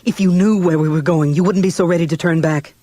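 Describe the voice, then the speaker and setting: A man's voice: fairly high pitch, steady tone, brisk, no room sound, natural voice. A man voicing a fierce young mother and scientist who fiercely defends her baby. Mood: furious. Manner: sharp, defiant.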